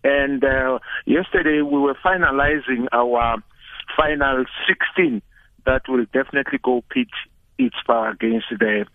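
Older man, South African accent, gravelly, phone line, relaxed chatty guest. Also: medium pitch, a little slow, dry recording. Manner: relaxed, chatty, repeats words when starting. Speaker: guest, former football coach. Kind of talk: phone interview. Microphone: telephone.

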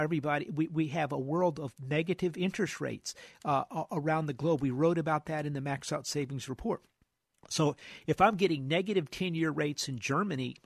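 A man hosting a financial radio show, losing his voice, talking fast about markets with many restarts and repeated words. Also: on the high side, vocal fry, breathy edge, no room sound, clean studio sound.

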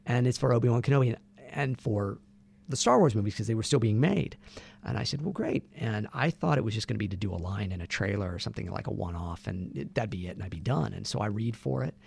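Gravelly-voiced male voice actor telling stories. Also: on the low side, fast. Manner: animated anecdotes, acts out quotes. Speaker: voice actor guest. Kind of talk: casual interview storytelling.

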